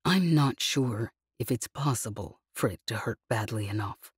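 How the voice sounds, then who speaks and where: Lady reading as a hungover guy, low rueful murmur, husky and dry. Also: slow pace, dry recording, full character voice. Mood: subdued. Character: hungover weary young man, quiet and rueful.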